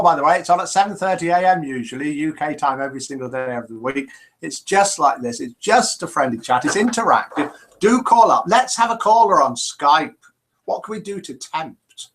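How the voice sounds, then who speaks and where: A middle-aged man hosts a casual live show, chatty and jokey as he reads out viewer comments. His pitch sits slightly high and swings widely from line to line. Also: vocal fry, fairly bright tone. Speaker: live show host reading viewer messages.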